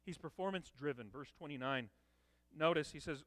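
A man preaching a sermon, emphatic, with loud dramatic peaks. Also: fairly high pitch, lively intonation, a little slow, no echo. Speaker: pastor.

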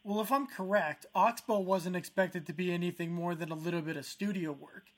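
Male podcast host, pitched high, direct and plain in his questions. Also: a little fast. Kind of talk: interview questions.

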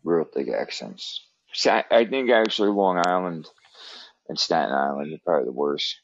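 Jersey-accent co-host, very low voice with swinging pitch, swears freely, dull dry mic. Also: male voice, lively intonation, moderate pace, gravelly, dry recording. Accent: New Jersey. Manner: profane, rambling storytelling. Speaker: podcast co-host. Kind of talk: casual chat.

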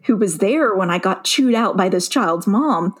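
A woman teacher telling a story in a casual chat, animated and laughing as she goes. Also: mid-range voice, normal speed, husky. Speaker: teacher and podcast co-host.

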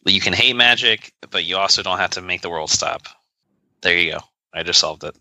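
Here a podcast co-host speaks in a low, fairly fast voice that's bright and forceful, with no room sound in the recording. His casual chat is full of jokes, sarcasm, rambling, and filler words.

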